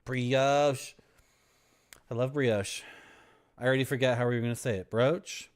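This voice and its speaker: A man's voice: medium pitch, fairly even intonation, a little slow. A man from Toronto, playfully reading game text and rambling as a streamer. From Toronto, Canada. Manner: playful, rambling, toys with words. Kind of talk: gameplay commentary, reading game text aloud.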